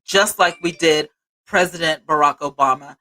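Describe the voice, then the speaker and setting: A woman hosting a live stream, giving animated, emphatic political commentary and repeating her points for effect. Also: deep voice, normal speed. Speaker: host.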